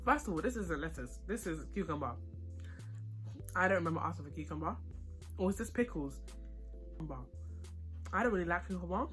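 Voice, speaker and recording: A young British vlogger with a lowish voice talks a little fast but leaves long pauses, with faint music behind her. She eats and reviews food and a film in a chatty, excitable, slangy mukbang.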